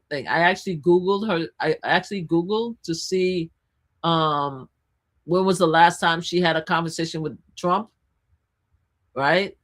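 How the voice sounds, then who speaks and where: A woman co-hosting a live news talk stream in casual chat, animated and excitable, often restarting her sentences. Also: low voice. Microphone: streaming setup.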